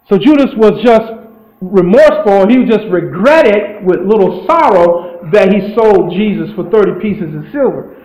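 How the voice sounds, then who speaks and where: High-voiced man preaching in an echoey room. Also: darkish tone. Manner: earnest storytelling preaching, with loose grammar. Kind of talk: sermon.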